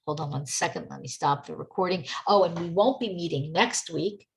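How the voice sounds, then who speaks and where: A woman leads an online class over a video call. Her voice sits low and carries a gravelly edge. She talks in a discursive, enthusiastic way. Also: a little fast, low-quality recording. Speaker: Torah teacher.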